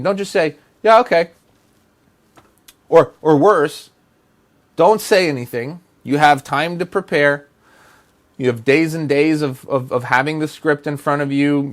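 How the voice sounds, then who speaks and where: A man's voice: on the high side, steady tone, normal speed. A man giving acting advice in a blunt, exasperated rant, hammering points with repetition. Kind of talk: direct-to-camera advice rant.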